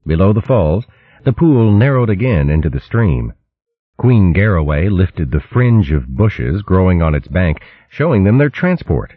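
A man reads a storybook in a deep, husky voice with a very lively, animated pitch. The reading is measured, and the recording sounds dry and slightly muffled. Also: dry recording. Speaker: audiobook narrator. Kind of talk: scripted storybook narration.

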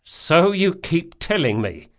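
A man's voice: a little high, animated, moderate pace, a bit bright, voice pushed up. A man voicing an irritable, wounded young male thief who talks sarcastically and petulantly. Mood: sarcastic, irritable.

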